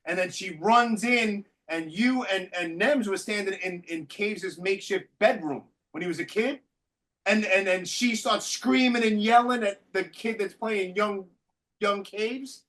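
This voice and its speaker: A man's voice: high voice, measured pace. A man hosting a podcast, telling stories in casual chat with lots of swearing. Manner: animated storyteller, swears freely. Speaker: podcast host.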